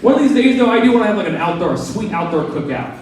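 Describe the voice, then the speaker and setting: A man's voice: sits high, big pitch swings, fast, a little mellow, far from the mic, faint music behind. A man doing a stand-up comedy set with easygoing, self-deprecating jokes. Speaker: stand-up comic. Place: small comedy club stage. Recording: echoey room miked from afar.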